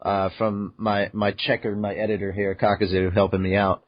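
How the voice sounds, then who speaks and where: A man's voice: fairly low pitch, little pitch movement, normal speed, no room sound, dull audio. A man hosting a podcast who recaps a manga chapter in casual chat, acting out his own reactions and swearing freely. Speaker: podcast host.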